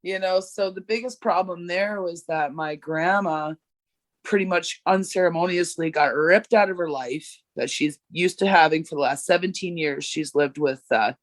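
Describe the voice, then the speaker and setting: A woman's voice: fairly low pitch, normal speed, no echo. Canadian woman, podcast guest on video call, dry sound, blunt and profane, jokey. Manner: joking, blunt, swears freely. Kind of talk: casual chat.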